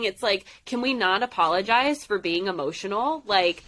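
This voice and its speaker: A woman's voice: mid-range voice, expressive, a little fast, hardly any pauses, pushed and bright, a little hiss or hum. A young woman co-hosting a podcast, chatting casually with emphatic, opinionated takes. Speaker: podcast co-host. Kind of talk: casual chat.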